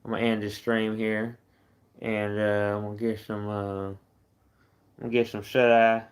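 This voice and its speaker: A man's voice: fairly low pitch, level tone, normal speed. A tired young man from Texas chatting casually on a late-night live stream, rambling and repeating himself.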